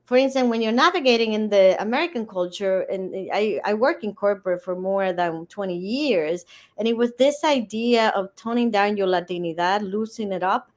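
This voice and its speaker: A woman's voice: mid-range voice, normal speed. A woman with a Dominican Spanish accent, a guest author telling her story with passion. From Dominican Republic. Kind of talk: casual interview.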